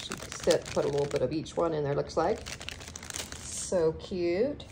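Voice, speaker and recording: Woman with a low voice, casual unboxing chat, gushing and chatty, noisy home recording. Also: a little slow, gravelly. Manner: gushing, chatty, lots of ums. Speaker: craft vlogger.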